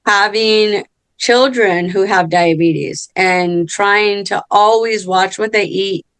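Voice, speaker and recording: A woman's voice: mid-range voice, slow pace, fairly bright tone, smooth, no room sound. A middle-aged woman co-hosting a casual podcast chat, telling family stories in a chatty way. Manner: chatty storyteller, acts out quotes. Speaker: co-host.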